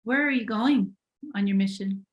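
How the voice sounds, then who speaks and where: A woman's voice: mid-range voice, moderate pace. A woman hosting a live body language webinar, upbeat and encouraging with her guests.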